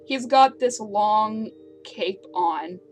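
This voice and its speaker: Slow-paced woman game master. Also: medium pitch, expressive, over music. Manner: descriptive, laughs with players. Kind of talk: narrating a tabletop game.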